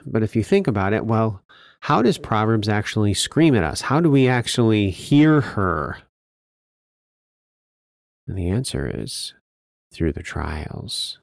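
Low-voiced man teaching scripture. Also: big pitch swings, takes it slowly, creaky, no room sound, clean studio sound. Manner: emphatic, rhetorical questions, quotes verses. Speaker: podcast co-host teaching scripture. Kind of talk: teaching podcast discussion.

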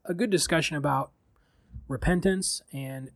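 A man's voice: a little high, normal speed, no room sound. A man in a casual podcast chat, talking reflectively with many fillers.

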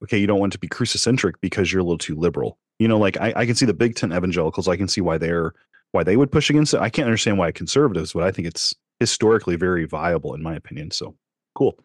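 A man co-hosting a casual discussion, eager and quick with his questions. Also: low voice, lively intonation, husky, dry recording, clean studio sound.

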